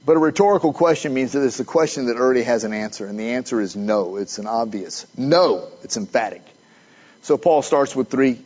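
A man's voice: fairly high pitch, animated, moderate pace, breathy edge, highs cut off. A man preaching a sermon in a conversational way, asking his listeners questions as he goes. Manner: conversational, asks the audience questions.

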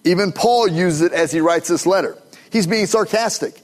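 Middle-aged pastor, fairly high male voice, emphatic and animated from the pulpit, joking asides. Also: normal speed. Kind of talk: sermon.

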